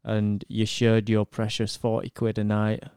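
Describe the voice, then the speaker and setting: Man, laid-back joking podcast chat, very smooth resonant voice, low pitch. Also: monotone, measured pace, a little mellow, dry recording, clean studio sound. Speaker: podcast co-host. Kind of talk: casual chat.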